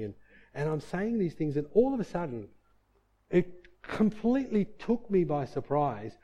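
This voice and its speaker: Middle-aged man with a warm, fairly high voice, telling his conversion story earnestly and filling it with "like". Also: lively intonation, normal speed. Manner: earnest and emotional, with frequent "like" and "you know" and reenacted quotes. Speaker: speaker sharing a personal faith testimony. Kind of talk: personal testimony storytelling.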